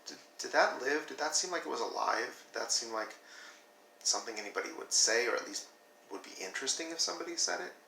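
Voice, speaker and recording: Brief: male teacher, bright gravelly tone, lively demos, roomy distant sound with faint hiss. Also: medium pitch, fast talker. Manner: animated, demonstrates flat versus expressive reading. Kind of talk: classroom video lesson.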